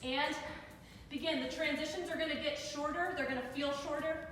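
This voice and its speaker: Brief: young female fitness instructor, high voice, winded and encouraging, recorded from across a reverberant room. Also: fairly even intonation, normal speed, a bit bright, a little hiss or hum. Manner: upbeat encouraging cues, counting down reps. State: out of breath. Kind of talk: live workout coaching. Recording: echoey room with reverb, mic far off.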